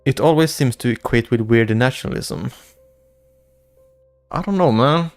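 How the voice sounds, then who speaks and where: A man's voice: medium pitch, a little slow, no echo. A young man, hosting a casual livestream and reading chat aloud, rambling with repeated words and restarts. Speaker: livestream host. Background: faint background music.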